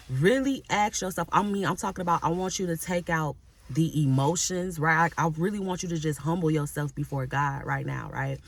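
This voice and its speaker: A woman who works as a Christian life coach, giving an emphatic motivational message straight to her audience, repeating phrases and often asking "right?". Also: low voice. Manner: addresses audience directly and casually. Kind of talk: motivational preaching to camera.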